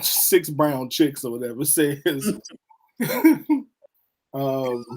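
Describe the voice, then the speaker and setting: A woman hosting a casual panel chat, reading listener posts aloud and laughing often as she goes. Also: sits low. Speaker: host.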